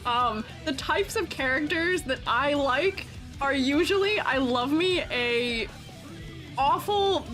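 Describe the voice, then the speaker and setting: A young woman hosts a casual livestream as a character design teacher, chatting with viewers and reacting to chat. She's giggly and playful, laughs often, jokes around, and her pitch swings lively, with faint music in the background.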